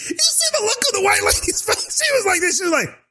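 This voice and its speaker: Male reaction host, high voice, lively swings, mocking, laughs a lot. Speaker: commentator reacting to a video. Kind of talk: casual reaction commentary.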